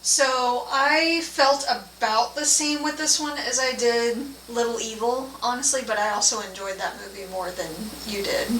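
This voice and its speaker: A woman co-hosting a casual movie review chat. She laughs often and talks in a relaxed, chatty way. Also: a little high, normal speed, hardly any pauses. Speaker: co-host of a movie and tea review show. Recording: roomy, from a distance, faint room noise.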